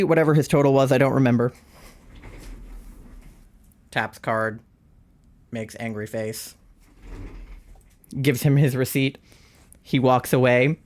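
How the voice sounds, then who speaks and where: A young adult live streamer casually telling a story to chat, animated and wry, laughing often. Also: slow pace, pauses often. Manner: animated, laughs often, big swings in pitch.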